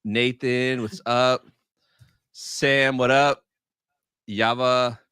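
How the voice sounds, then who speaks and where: A man's voice: mid-range voice, little pitch movement, very slow, pushed and bright, clean tone, no room sound, studio quality. A man co-hosting a live stream, upbeat and casual as he greets viewers in the chat.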